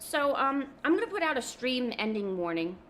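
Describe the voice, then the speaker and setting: A woman's voice: high voice, sing-song, moderate pace, fairly bright tone, a little hiss or hum. A woman art streamer in casual live-stream chat, rambling and chatty, with many ums.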